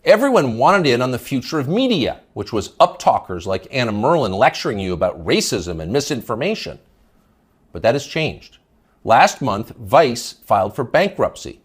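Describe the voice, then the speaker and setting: A man's voice: mid-range voice, sing-song, normal speed, slightly rough. A man hosting a news commentary show, delivering a scornful, emphatic opinion monologue.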